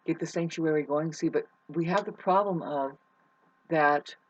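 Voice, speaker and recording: A woman with a husky, breathy voice rambles through a spiritual monologue. She gets excitable, leaps into loud outbursts, then drops to low mutters, and swears freely. The recording sounds dull and lo-fi. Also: moderate pace. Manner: swears casually, many restarts. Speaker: vlogger.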